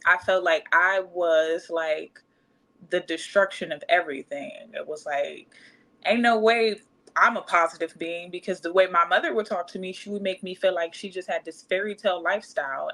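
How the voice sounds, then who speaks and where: A woman's voice: on the low side, moderate pace. A woman in her thirties, a podcast guest telling her life story casually and acting out the voices of the people in it. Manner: animated, acts out quoted voices.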